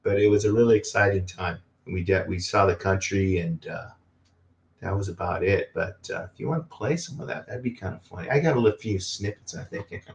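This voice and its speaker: A guest musician with a fairly low voice and vocal fry chats casually in an interview, speaking fairly quickly and rambling through his ideas with many fillers. He comes through a video call from a large, echoing room.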